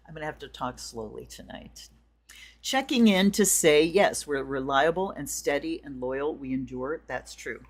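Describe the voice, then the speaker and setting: A woman hosting a tarot and astrology livestream, chatting in a rambling way with viewers and then leading a slow blessing. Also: low voice, expressive. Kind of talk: casual livestream chat and ritual blessing.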